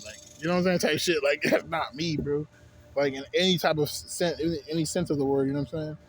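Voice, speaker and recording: A young adult man rambles loosely in a casual vlog monologue, swearing constantly and checking in with "you know what I'm saying." He talks fast at medium pitch, with a little hiss or hum.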